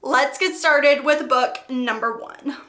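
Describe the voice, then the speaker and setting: A woman reviewing books in a casual chat, telling stories with excitement, acting out quotes and pleading with emphasis. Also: high-pitched, takes it slowly, loud music behind the voice. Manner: excitable storyteller, acts out quotes. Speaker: book reviewer. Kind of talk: casual book recommendation chat.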